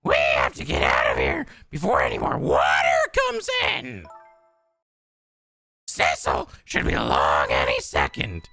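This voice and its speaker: A man voicing a determined young woman detective who shouts urgent orders. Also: rumbling low, huge pitch swings, unhurried, vocal fry, slightly rough, faint music behind, voice pushed down, full character voice.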